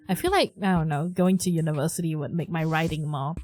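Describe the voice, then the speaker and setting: Expressive woman playing a story game. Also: low voice, fast, few pauses, soft background music. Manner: reacts bluntly, expressive asides. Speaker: gaming streamer. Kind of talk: let's play commentary and reading game text.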